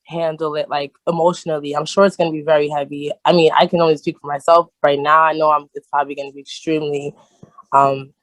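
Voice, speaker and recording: A woman's voice: deep voice, dry recording, rough recording. A young woman speaking on a video call, emotional and rambling, with many fillers and restarts. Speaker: cast member.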